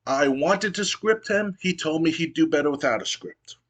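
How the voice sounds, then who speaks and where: A man's voice: a little high, lively intonation, moderate pace, a bit bright. A man casually narrating a wrestling sim playthrough with many fillers and restarts. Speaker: gamer playing a wrestling sim. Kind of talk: casual let's-play narration.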